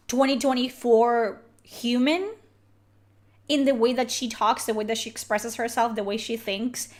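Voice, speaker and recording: Young woman, streamer, ranting game commentary, exasperated, swearing, slightly high voice. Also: fairly bright tone.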